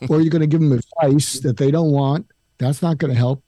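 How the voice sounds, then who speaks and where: An older male psychiatrist, appearing as a podcast guest, calmly walks through a conversation technique step by step, acting out sample lines. His voice is a little high and brisk, with no room sound.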